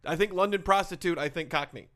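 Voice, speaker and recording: A man's voice: sits high, fast talker, a bit bright. A man co-hosting a comedy podcast, asking questions and moving the talk along. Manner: steers the talk, asks follow-up questions. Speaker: podcast co-host. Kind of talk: casual comedy chat.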